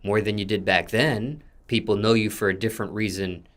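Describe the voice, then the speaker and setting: Low-voiced man asking long questions. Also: steady tone, a bit bright. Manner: long winding questions, measured. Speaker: interviewer. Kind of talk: interview questions.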